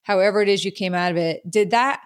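A podcast host interviewing a guest, encouraging and quick with short agreements. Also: medium pitch, smooth.

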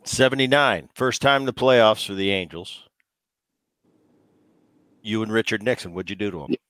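Lowish-voiced host with a dry close sound. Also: male voice, moderate pace, smooth, dry recording. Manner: relaxed, conversational, reminiscing. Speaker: host, former ballplayer. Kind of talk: casual interview chat.

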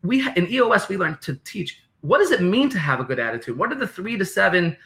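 A man with a New York accent, explaining business ideas as a podcast guest in an animated way, repeating phrases and acting out quotes. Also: high-pitched, quick pace, vocal fry.

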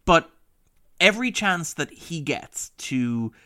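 A man's voice: on the high side, very animated, slow, sharp tone. A man discussing a television drama in a casual, enthusiastic podcast chat, laughing often and quoting characters. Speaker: podcast critic.

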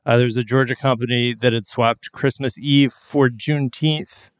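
A man's voice: mid-range voice, fairly even intonation, moderate pace, no room sound, clean studio sound. A man hosting a comedy podcast, wry and rambling as he sets up a news story. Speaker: podcast host. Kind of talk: casual comedic chat.

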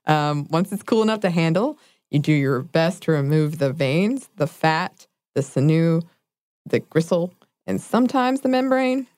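A woman's voice: low-pitched, animated, unhurried, a little mellow, no echo, studio quality. A woman co-hosting a casual food chat, laughing often and correcting herself. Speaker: podcast co-host.

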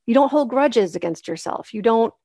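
A woman's voice: on the high side, expressive, normal speed, dark tone, no room sound, studio quality. A woman hosting a solo podcast, coaching moms in a casual, encouraging way and acting out the voices she quotes.

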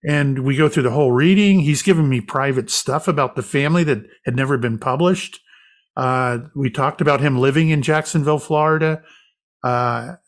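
A man guest in an interview, a medium, recounting an experience as a lively anecdotal storyteller. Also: mid-range voice.

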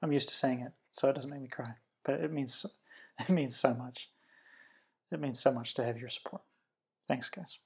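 A man, a podcast host and children's pastor, giving a gentle, quiet, sincere sign-off at the end of his show. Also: medium pitch, moderate pace, vocal fry, pauses often, breathy edge. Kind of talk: podcast outro. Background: music.

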